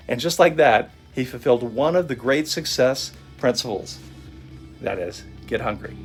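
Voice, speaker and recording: A man telling a motivational story in a vivid, animated storytelling manner. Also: medium pitch, moderate pace, husky. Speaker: motivational speaker. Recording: faint guitar music behind. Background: soft guitar music.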